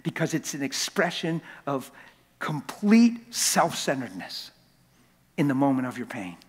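A man preaching a sermon in a church, telling stories with lots of repetition and sometimes building up to a shout. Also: mid-range voice, measured pace, slightly rough, in a large hall. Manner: animated, repetitive storytelling that swells to shouting. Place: church sanctuary.

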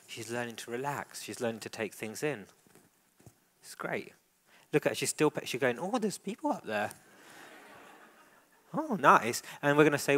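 A man coaches a live dog-training demonstration, guiding handlers step by step. He gives steady, encouraging praise at a middling pitch.

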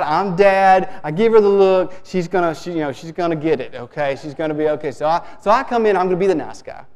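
A man preaching a sermon, telling a story in a relaxed, conversational way with many restarts. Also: fairly high pitch. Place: church sanctuary. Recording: long reverb of a church hall.

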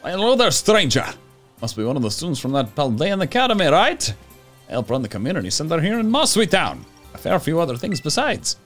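A man voicing a gruff older male village caretaker in a put-on, shaky Scottish accent. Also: on the high side, very animated, drawn-out words, pauses often, soft background music, full character voice. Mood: friendly.

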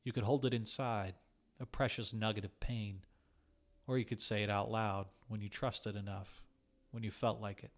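A man narrating a short story in a calm, measured reading. His voice sits a little low and steady. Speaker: reader.

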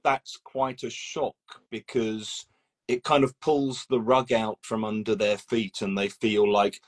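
A man's voice: medium pitch, rough recording. A man hosting a casual live-stream interview, talking in a loose, rambling way with restarts. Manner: rambling, with many restarts and acted examples. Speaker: host.

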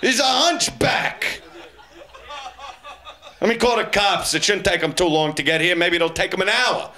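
A man's voice: high-pitched, fast talker, bright, forceful tone. A man doing live stand-up comedy on a club stage, crude and taunting the audience as he keeps repeating the same pun into a handheld mic.

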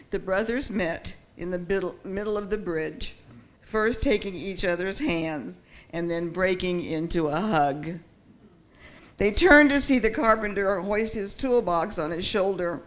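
A woman pastor telling a story during a church talk, with an expressive, lively delivery. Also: on the low side, unhurried.

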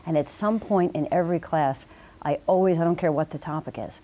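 A woman guest in a TV studio, a professor explaining her teaching with calm confidence. Her voice is low for a woman, with a mellow, warm tone. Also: brisk. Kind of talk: TV interview.

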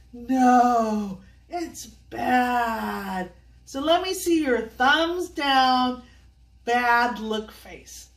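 Grandmotherly woman reading to children, slow and echoey. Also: a little high. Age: older. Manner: slow, sing-song, coaxing questions to kids. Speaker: children's storyteller. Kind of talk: reading a picture book to children. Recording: echoey room, voice from a distance.

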